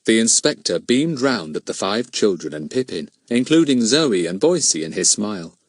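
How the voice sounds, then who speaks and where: A man narrating a children's storybook as an audiobook, expressive and measured. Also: lowish voice.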